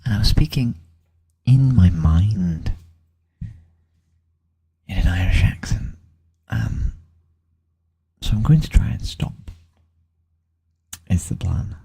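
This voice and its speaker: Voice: low voice, expressive, slow, gravelly, pauses often, dark tone, breathy edge. A vlogger thinking aloud in a rambling, hesitant way while setting things up on a computer. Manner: rambling, hesitant, trailing off with many ums.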